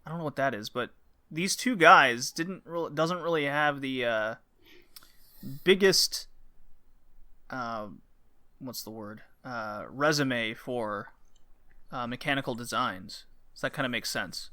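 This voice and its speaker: Bright-voiced man hosting a podcast. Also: medium pitch, slow, pauses often. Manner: hesitant, searches for words. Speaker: podcast co-host. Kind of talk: casual chat.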